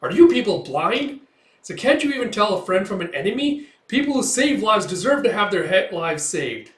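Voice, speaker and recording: A man voicing an indignant townswoman who loudly scolds soldiers. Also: sits high, expressive, normal speed, voice pushed up. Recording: echoey room.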